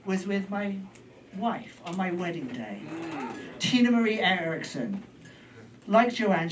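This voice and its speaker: A man's voice: high-pitched, far from the mic, rough recording. A British man doing storytelling stand-up on a club stage, rambling and self-deprecating with trailing asides. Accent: British English. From Britain. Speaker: stand-up comedian.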